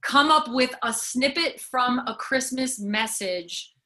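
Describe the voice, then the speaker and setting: Bright-voiced woman comedian telling stories. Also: high voice, takes it slowly. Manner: animated storyteller, acts out quotes. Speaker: comedian and podcast host, guest. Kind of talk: casual interview chat.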